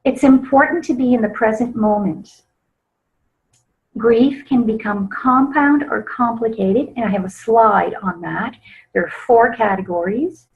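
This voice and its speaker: Soft-spoken female grief educator, slow pace, slightly muffled lo-fi sound. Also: on the high side. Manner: slow, gentle, soft-spoken, with frequent small laughs. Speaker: grief educator presenting a webinar. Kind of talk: teaching webinar talk. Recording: slightly dull lo-fi webinar audio.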